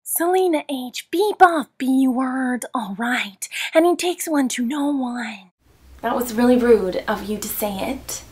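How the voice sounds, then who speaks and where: A woman playing a clueless, self-important girl vlogger who talks smugly and mangles her words. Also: sits high. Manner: smug, oblivious, mangles words. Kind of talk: comedic character vlog.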